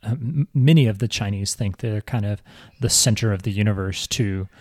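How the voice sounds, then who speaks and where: A man's voice: lowish voice, darkish tone, dry recording. Hesitant man explaining history, very dry sound. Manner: halting, many restarts, explaining history. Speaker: podcast host. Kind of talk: casual chat.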